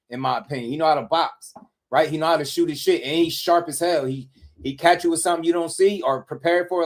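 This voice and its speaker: A man hosting a casual boxing live stream, talking loose and slangy and shouting out viewers in the chat. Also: on the high side.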